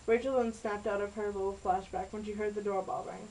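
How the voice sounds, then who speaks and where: A woman reads her own homemade story aloud in a plain, unhurried way. Her pitch is ordinary for a woman. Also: level tone, dark tone, a little hiss or hum, poor audio. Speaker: narrator. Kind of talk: amateur story reading.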